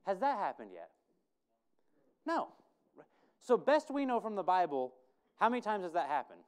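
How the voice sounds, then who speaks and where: A man's voice: high voice, big pitch swings, normal speed, clear, resonant tone. A man preaching a conversational sermon, putting questions to his congregation and thinking aloud. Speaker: pastor.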